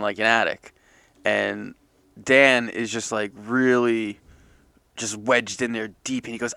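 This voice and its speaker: Man, comedy podcast co-host, gravelly, bright tone, dry close sound, acts out characters. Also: dry recording. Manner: acts out characters with sudden high yells. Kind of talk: improvised comedy storytelling.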